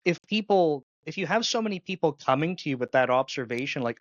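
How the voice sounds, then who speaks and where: A man's voice: on the high side, lively intonation, fast talker, no room sound. Easygoing Canadian man hosting, dull dry mic. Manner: easygoing, thinks aloud with restarts. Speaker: podcast host. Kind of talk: casual interview conversation.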